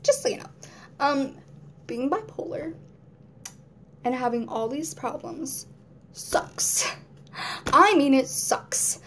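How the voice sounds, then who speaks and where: Giggly, rambling woman vlogger, fairly high voice. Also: darkish tone, a little hiss or hum. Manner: rambling, giggly, acts out moods in quoted voices. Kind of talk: casual chat to camera.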